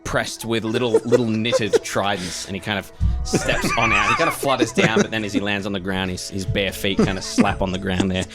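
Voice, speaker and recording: Low-voiced man narrating a tabletop game. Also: wildly swooping pitch, a little fast, few pauses, loud music behind the voice. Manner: rambling descriptions full of "uh" and "like". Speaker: game master.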